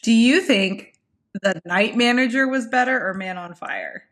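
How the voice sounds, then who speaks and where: A woman's voice: on the high side, measured pace, a bit bright. A woman co-hosting a podcast in casual chat, talking loosely with lots of filler words. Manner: chatty, many "like" fillers. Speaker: podcast co-host.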